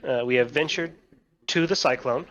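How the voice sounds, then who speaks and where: Halting male game master, middle pitch. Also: fairly bright tone, highs cut off. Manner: halting, full of fillers and restarts. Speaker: dungeon master. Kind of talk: narrating an online tabletop game.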